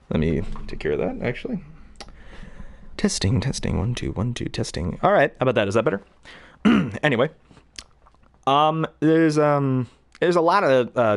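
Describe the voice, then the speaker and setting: Young man, casual chat, rambling, lively up-and-down pitch. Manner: rambling, lots of fillers and laughs. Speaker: hobby voice actor.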